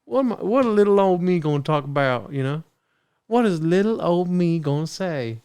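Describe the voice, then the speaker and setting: A man's voice: fairly high pitch, expressive, moderate pace, darkish tone, smooth, voice pushed up. Man putting on a simpering Southern belle. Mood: coy. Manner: coy, airheaded drawl. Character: ditzy simpering Southern woman.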